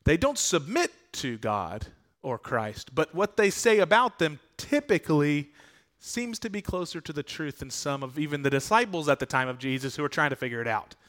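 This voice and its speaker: Male pastor, conversational earnest sermon delivery, slightly raised pitch. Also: very animated, moderate pace, fairly bright tone. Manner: conversational, earnest preaching with rhetorical questions.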